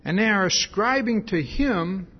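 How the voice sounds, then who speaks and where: A man preaching with a husky, slightly raised voice and a pitch that swings up and down as he talks. He explains scripture in a chatty way, breaking off with little "see?" asides. The recording sounds dull and lo-fi. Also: lively intonation, measured pace. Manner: conversational, with frequent "see?" asides and restarts. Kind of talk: expository sermon.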